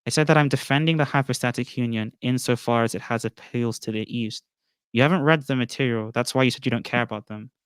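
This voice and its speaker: A man's voice: mid-range voice, fast talker, smooth, dry recording, clean studio sound. A man in an online debate who speaks assertively and lectures his opponent while pressing his questions.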